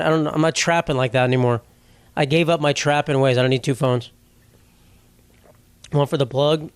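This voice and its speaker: A man's voice: medium pitch, dry recording. A young man hosting a casual solo podcast, rambling with crude jokes and silly voices for quoted people. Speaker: podcast host.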